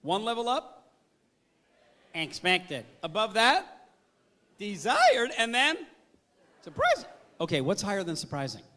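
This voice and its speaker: A man giving an energetic, interactive training talk on service, often putting questions to his audience. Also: high-pitched, measured pace, pauses often.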